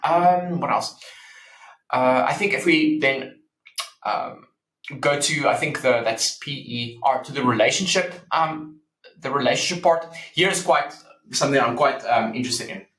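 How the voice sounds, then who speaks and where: A man talking as a psychology professor guest in a casual podcast interview, explaining earnestly with lively anecdotes and many ums. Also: mid-range voice, a little slow. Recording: roomy echo.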